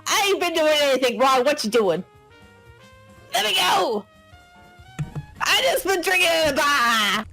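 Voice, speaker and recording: A woman voicing a scrappy young male suspect in a tabletop game who yelps and complains in a high, strained voice. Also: big pitch swings, unhurried, pauses often, bright, forceful tone, soft background music, full character voice. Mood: whining.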